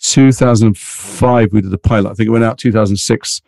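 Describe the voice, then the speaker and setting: An English man from Liverpool with a mixed British accent, an actor chatting in an interview in a rambling, animated way. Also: on the low side, creaky, no echo, studio quality. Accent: mixed British, mild Liverpool and London traces. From England, Liverpool. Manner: fast, rambling, animated storytelling. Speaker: actor, guest. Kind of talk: casual interview chat.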